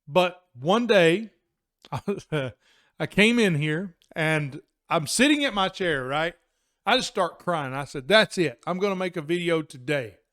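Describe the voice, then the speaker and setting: A man with a somewhat high voice records a motivational video in his computer room at home. He talks in an earnest, emphatic way, often repeating words for weight. He addresses viewers casually, like friends. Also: animated, a little slow, fairly bright tone. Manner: casual Southern-style address with "y'all" and "man". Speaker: vlogger. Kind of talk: motivational talk to camera.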